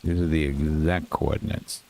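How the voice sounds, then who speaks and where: A man commentating casually over his own gameplay, muttering to himself and quick to get frustrated and swear. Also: rumbling low, steady tone, gravelly, darkish tone, slight background noise. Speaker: gaming channel host.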